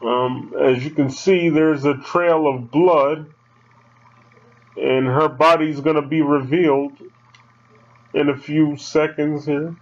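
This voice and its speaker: A man giving casual commentary over a horror film, excitable and swearing as he talks back at the screen. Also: fairly high pitch, slow, long pauses. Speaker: fan commentator. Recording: dull lo-fi sound with faint film music.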